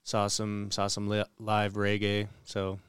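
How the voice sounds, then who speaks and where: Man, from montana, laid-back, very clear voice, dry sound. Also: fairly low pitch, completely flat delivery, slow, no room sound. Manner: laid-back, laughs often. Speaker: podcast co-host. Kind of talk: casual chat.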